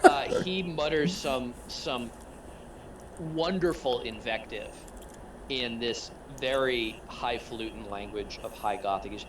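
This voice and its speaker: A man's voice: mid-range voice, slow. A man runs a tabletop game, narrating loosely with "uh"s and "like"s as he goes. His voice sits in the middle of the male range. He sounds far from the microphone, with heavy background noise. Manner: rambling, filler-heavy narration. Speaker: game master.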